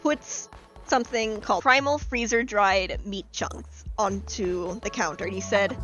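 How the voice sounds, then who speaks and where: Animated woman telling stories while streaming. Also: medium pitch, measured pace, dull audio, music in the background. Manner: animated storyteller who acts out quotes and swears freely. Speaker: game streamer. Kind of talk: casual gaming chat and storytelling.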